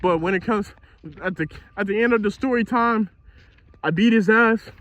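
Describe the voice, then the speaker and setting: Young guy, high voice, telling a wild school story, super slangy, cussing a lot, dry sound outside. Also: normal speed, no echo, lo-fi sound. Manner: animated, slangy, profane storytelling. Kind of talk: casual storytime monologue.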